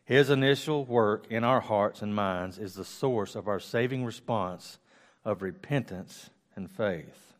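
Man, fairly low voice, Bible study teacher, reads scripture then repeats it slowly, casual asides, close mic. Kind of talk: reading and teaching a Bible lesson. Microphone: close microphone.

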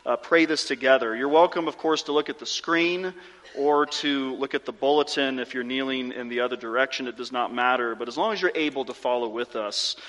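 A pastor preaching a sermon and then leading his congregation in a slow, measured confession prayer, speaking with earnest conviction. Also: mid-range voice, a bit bright. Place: church sanctuary. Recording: long reverb of a large room.

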